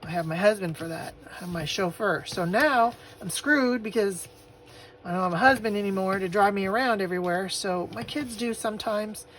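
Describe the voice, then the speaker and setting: A woman's voice: medium pitch, normal speed, a little hiss or hum, rough recording. An older woman hosting a crafting channel, chatting casually and telling stories with frequent laughter. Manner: chatty storytelling, laughs often. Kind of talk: casual chat while crafting.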